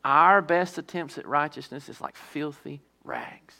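A male pastor delivers a sermon in a gravelly, somewhat high voice. He presses key words hard, then drops into quieter, slower asides. He often asks his listeners rhetorical questions.

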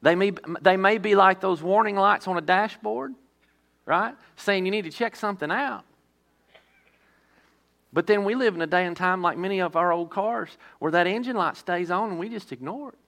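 A man, the pastor, preaching a sermon with emphasis, putting rhetorical questions to his listeners and mixing loud stressed words with quieter, slower asides. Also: high-pitched, creaky.

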